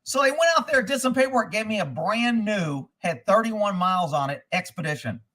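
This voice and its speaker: A man with a high-pitched voice chats casually on his livestream. He rambles through stories, swears freely and breaks into laughter often. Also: expressive, fairly quick, bright, forceful tone. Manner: profane, rambling storyteller who laughs often. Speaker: livestream host. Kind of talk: casual live-stream chat, reading comments.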